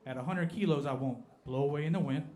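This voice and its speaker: A man from Appalachia in the United States, speaking with an Appalachian American accent, performs stand-up at a comedy club. His voice is slightly high for a man, and his deadpan delivery slows down on every punchline.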